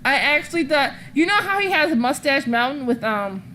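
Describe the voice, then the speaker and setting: Bright-voiced woman hosting a wrestling podcast. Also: sits high, moderate pace, slight background noise. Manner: rambling, profane storytelling; animated, laughs often. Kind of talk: casual chat.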